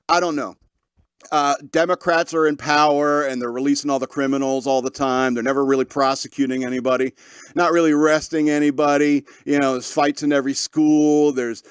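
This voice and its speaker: A male podcast host with a slightly high voice, talking in a loose, rambling, opinionated way, stumbling into restarts and chuckling at his own points. The sound is dry and close, with almost no room on it. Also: no room sound. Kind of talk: casual opinion talk.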